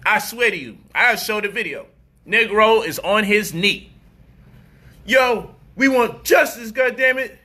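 A high-voiced man delivers an animated street-style commentary monologue, full of profanity, mocking people and acting out their voices.

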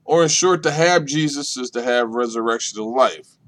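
A minister leading a Bible study, talking deliberately and repeating key points for emphasis. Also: male voice. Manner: swings between loud emphasis and soft, low delivery.

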